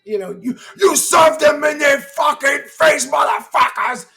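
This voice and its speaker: A man voicing his furious older father, who yells profanities in a Greek accent. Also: very high-pitched, moderate pace, vocal fry, soft background music, pitched above the performer's own voice, exaggerated voice. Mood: furious shouting. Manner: shouting, profane outbursts.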